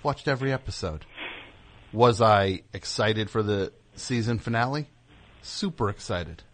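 A man's voice: lowish voice, animated, a little slow, fairly bright tone. A man hosting a talk show, rambling and riffing with sarcastic humor in casual banter. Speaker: radio show host.

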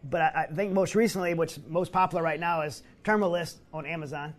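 A man with a fairly high voice talks fast as an interview host. He strings his questions together loosely, looping back with fillers. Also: fairly even intonation. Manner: rambling, quick questions with fillers. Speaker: podcast host. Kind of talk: casual interview chat.

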